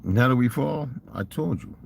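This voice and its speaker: A man's voice: medium pitch, expressive, normal speed, vocal fry, darkish tone, slight background noise. An older man telling rambling, profane stories in a casual monologue and asking rhetorical questions. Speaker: vlogger.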